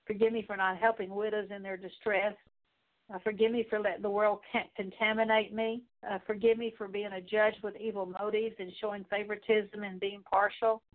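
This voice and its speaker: A woman leading a spoken prayer of confession, pleading in halting, repetitive phrases with pauses. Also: medium pitch. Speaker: prayer leader. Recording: tinny phone-like sound.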